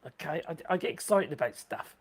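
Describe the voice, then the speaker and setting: A woman hosting a live stream in rambling chat, excitable, swearing freely and laughing a lot. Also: low voice, a little fast, slightly rough.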